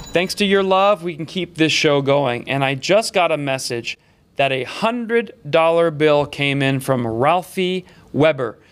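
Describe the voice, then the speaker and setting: A man's voice: fairly high pitch, a bit bright. A man hosting a comedic political talk show, with sarcastic, mocking riffs. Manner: sarcastic, mocking, riffs quickly between topics.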